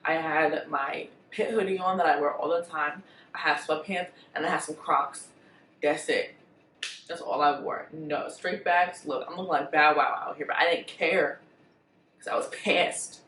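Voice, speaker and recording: A woman vlogger telling a storytime in a blunt, profane, animated way. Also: low voice, measured pace, echoey room, far from the mic, slight background noise, low-quality recording. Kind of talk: storytime vlog.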